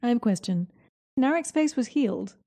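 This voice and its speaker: A woman co-hosting a podcast, cutting in with quick questions about a TV episode. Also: fairly high pitch, animated, dark tone. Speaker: podcast co-host. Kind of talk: casual chat.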